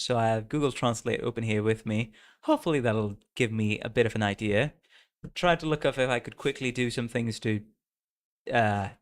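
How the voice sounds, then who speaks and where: Chatty man from the Caribbean streaming. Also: medium pitch. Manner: chatty, self-mocking, laughs often. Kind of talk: casual game stream chat.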